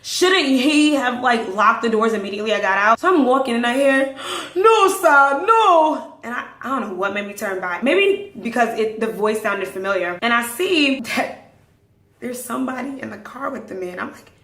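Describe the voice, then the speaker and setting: A woman hosting a podcast, telling stories casually in an animated way, acting out the dialogue and dropping into hushed asides. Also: on the high side, moderate pace. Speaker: podcast host. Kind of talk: casual storytelling. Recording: roomy echo.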